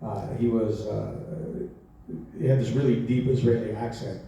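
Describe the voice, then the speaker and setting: A man's voice: lowish voice, normal speed, gravelly. A man in his forties answering fan questions on a convention panel, telling stories animatedly with frequent laughs. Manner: animated, acts out quotes, laughs often. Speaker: actor, convention panel guest. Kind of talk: storytelling Q&A answers. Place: large convention hall. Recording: echoey hall from far off, faint noise.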